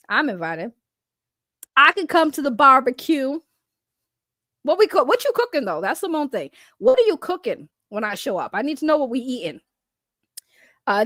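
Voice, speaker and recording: A woman's voice: sits high, a bit bright, dry recording, clean studio sound. A woman streamer talking on a casual reaction livestream, reading chat and rambling through loose trash talk that breaks into laughter.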